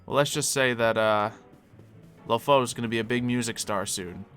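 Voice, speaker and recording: A man's voice: mid-range voice, moderate pace, a bit bright, faint music behind. A man streaming a game live, chatting casually and answering viewers as he plays. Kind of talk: casual live-stream chat while gaming.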